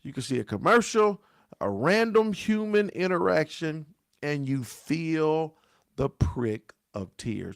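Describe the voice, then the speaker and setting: A man's voice: fairly high pitch, big pitch swings, takes it slowly, vocal fry, dry recording, studio quality. A man, a pastor, giving a daily grief devotional in an earnest, conversational way, often repeating key phrases and calling his listeners y'all.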